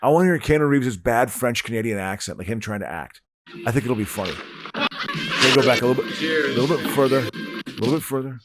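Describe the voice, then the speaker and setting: A man hosting a podcast, chatting casually while watching a movie, excitable and prone to stammering restarts. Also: medium pitch, a little fast, over loud music. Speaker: podcast host.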